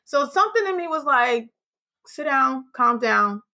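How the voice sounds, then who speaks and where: Podcast host, woman, bright tone, animated storyteller, salty language. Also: high-pitched, measured pace. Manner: animated, swearing, acts out quotes. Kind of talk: casual storytelling chat.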